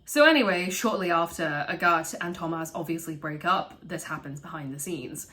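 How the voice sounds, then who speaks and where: A woman casually recapping a film, animated and swearing freely as she acts out the characters' lines. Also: fairly low pitch, normal speed. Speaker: video essayist.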